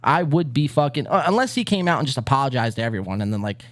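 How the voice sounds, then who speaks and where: A man's voice: mid-range voice, very animated, quick pace, no echo, clean studio sound. A man hosting a podcast, chatting casually and mocking the clips he watches, brash and full of swearing. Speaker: podcast host. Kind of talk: casual chat reacting to clips.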